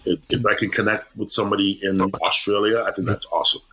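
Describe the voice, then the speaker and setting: A man who is a comedian telling lively stories on a podcast, laughing and restarting his words. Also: fairly low pitch, fast, slight background noise, rough recording. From Canada. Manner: animated, laughing storyteller, repeats words. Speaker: comedian guest. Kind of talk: casual storytelling chat.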